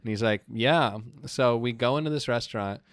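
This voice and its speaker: A man's voice: mid-range voice, normal speed, smooth, no echo. A man in his thirties, a comedian on a podcast, telling stories casually and acting out the people in them. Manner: animated, acts out quoted voices in anecdotes. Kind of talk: casual storytelling.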